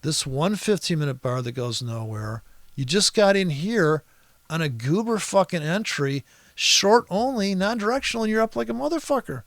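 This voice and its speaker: Guy with a raspy kinda high voice ranting over a trading chart, swearing a lot, sarcastic and annoyed, dry close sound. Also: lively intonation, moderate pace, no echo. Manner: profane, exasperated and sarcastic; rambling, with restarts and asides. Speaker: trader walking through a price chart. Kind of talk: screen-recorded chart commentary.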